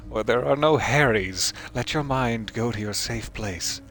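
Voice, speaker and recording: Man streaming a game, joking around, reading dialogue aloud, mid-pitched voice. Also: unhurried, fairly bright tone. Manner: jokey, reads dialogue aloud, swings into mock panic. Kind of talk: casual gameplay commentary.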